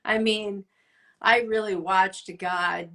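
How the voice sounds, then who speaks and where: A woman's voice: medium pitch, fairly even intonation, takes it slowly, sharp tone. A middle-aged woman co-hosting a casual faith podcast, talking in an earnest, encouraging way and laughing often. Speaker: podcast co-host.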